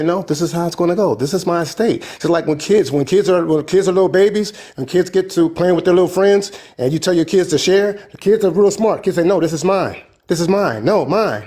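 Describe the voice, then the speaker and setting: A man with a fairly high voice gives advice in an earnest, preachy way. He comes back to his main points again and again, stressing them as he goes. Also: warm tone. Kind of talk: casual advice talk.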